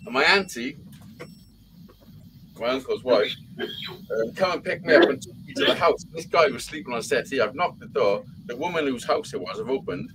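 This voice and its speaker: A man's voice: medium pitch, animated, normal speed, background noise. Swearing man telling rambling stories. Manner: swears constantly, rambling anecdotes. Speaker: live show chat participant. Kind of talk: casual profane storytelling.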